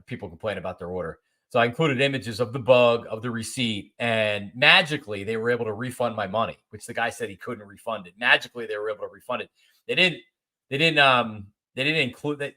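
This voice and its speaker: In a mid-range voice, a forties-aged podcast host spins a casual, animated story. He keeps repeating himself as he performs both halves of a conversation.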